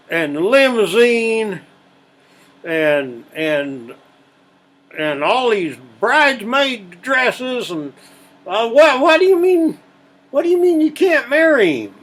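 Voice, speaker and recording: A man's voice: very high voice, fairly bright tone, breathy edge, pitched above the performer's own voice, heavily acted. A man playing an exasperated father of the bride in a told joke. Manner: sputtering, worked-up.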